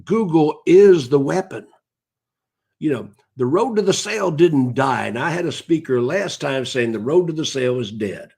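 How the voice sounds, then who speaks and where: A man's voice: fairly high pitch, animated, normal speed, creaky, a little mellow, husky. A man, hosting a live broadcast in a casual, rambling way and greeting viewers by name as he goes.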